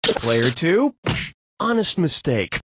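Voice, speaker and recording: A man's voice: on the high side, sing-song, takes it slowly, background noise. A man hosting a comedy quiz video game, sarcastic and teasing the players between questions.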